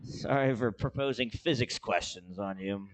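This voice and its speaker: A man's voice: lowish voice, moderate pace. A man hosting a comedy show on a club stage, joking about the last set and hyping up the next act. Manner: hyped, introduces acts with shouts.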